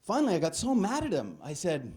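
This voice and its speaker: Male comedian doing a keynote on stage, very animated storyteller who acts out the other voices. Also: fairly high pitch, quick pace, slight background noise. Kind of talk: stand-up keynote to a live audience. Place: large hall with a live audience.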